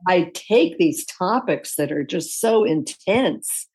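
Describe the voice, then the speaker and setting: A woman author and podcast guest, chatty and quick to laugh, halting now and then on fillers. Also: on the low side, lively intonation, darkish tone, breathy edge. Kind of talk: casual interview chat.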